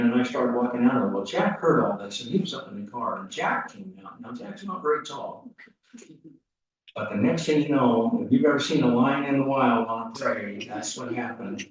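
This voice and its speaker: Folksy man telling stories at a funeral. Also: mid-range voice. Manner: rambling, folksy, halting restarts. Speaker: funeral speaker. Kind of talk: eulogy storytelling. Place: funeral service hall. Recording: echoey hall, mic off at a distance.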